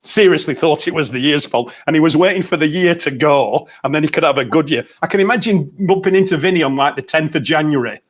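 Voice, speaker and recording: A man's voice: fairly high pitch, fast, hardly any pauses. A man, a motivational coach in a casual group chat, telling stories and laughing easily over a video call. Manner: chatty storyteller, laughs easily.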